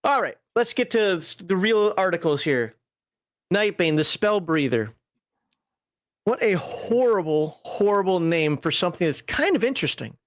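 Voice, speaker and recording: A man co-hosting a relaxed tabletop gaming talk show, rambling with frequent laughs and fillers. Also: high voice, unhurried, no echo, studio quality. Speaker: podcast co-host reviewing a tabletop magazine. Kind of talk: casual chat.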